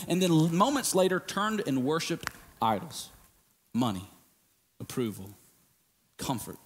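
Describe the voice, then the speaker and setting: A man preaching a sermon in a casual, emphatic way, swinging from hushed lines to shouted ones. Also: high-pitched, in a large hall.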